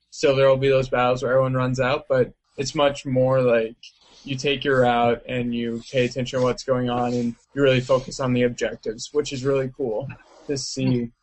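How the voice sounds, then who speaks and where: A man chatting casually in an interview, his talk loose and rambling, full of likes and ums. His voice sits at an ordinary middle pitch. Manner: loose, rambling, heavy on fillers. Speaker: interviewee, video game player.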